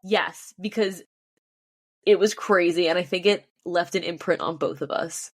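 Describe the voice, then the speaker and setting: A woman's voice: fairly low pitch, steady tone, moderate pace, no echo, studio quality. A young woman co-hosting a podcast, chatting enthusiastically with plenty of ums and likes. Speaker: podcast co-host. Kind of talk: casual chat.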